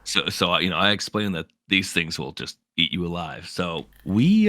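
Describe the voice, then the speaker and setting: Male podcast guest, very low and bright voice, dry close mic, rambling storyteller. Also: very animated, moderate pace, few pauses, dry recording. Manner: rambling, many fillers and restarts. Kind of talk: casual storytelling of a game run.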